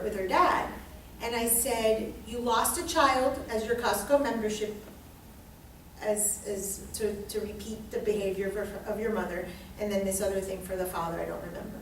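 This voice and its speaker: Animated woman teaching from far off. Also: a little high, slight background noise. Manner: animated storytelling, quotes people in their voices. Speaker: astrology teacher. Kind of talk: live workshop talk with audience. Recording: echoey room, voice from far off.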